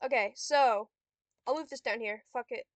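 A young woman gamer vlogger gives casual gameplay commentary, swearing and snapping frustrated insults at a computer opponent. Her voice is a little high and her pace normal, with no echo.

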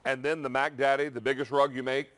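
A man's voice: medium pitch, flat delivery, fast talker. Upbeat male shopping channel host. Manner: bright, salesy, upbeat. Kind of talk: home shopping presentation. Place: TV studio.

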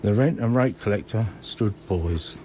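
A man in his sixties from Kent, reading his own memoir slowly and measuredly in a radio studio. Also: on the low side, dark tone, slight background noise.

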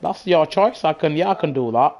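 Chatty gamer, slightly high voice. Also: male voice, lively intonation, a little fast, vocal fry, a little mellow. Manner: chatty, answers chat, slangy. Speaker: streamer. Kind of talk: casual live-stream chat over gameplay. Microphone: gaming headset. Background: car engine noise and music.

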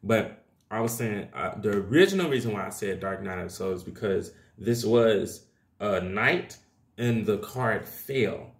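This is a man with a fairly low, gravelly voice, giving a casual tarot reading to his viewers. He talks loosely and chattily, with a lot of slang and plenty of y'all. The sound is roomy, with a clear echo off the walls. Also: lively intonation, unhurried. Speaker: tarot reader. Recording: echoey room.

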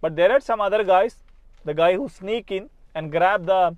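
A man with a Malayalam accent teaches spoken English in an earnest, repetitive way, slightly higher-pitched than most men. The recording is dry and a little dull. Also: moderate pace, no echo. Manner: earnest, repeats words and asks "right?". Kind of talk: motivational spoken-English lesson.

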